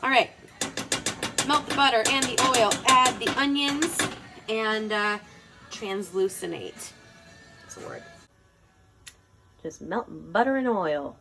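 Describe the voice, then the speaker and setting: Rambling young woman with a slightly high voice. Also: slow pace, pauses often, poor audio. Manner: rambling and self-deprecating, full of fillers. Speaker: home cooking show host. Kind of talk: casual cooking vlog. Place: home kitchen. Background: playlist music playing faintly.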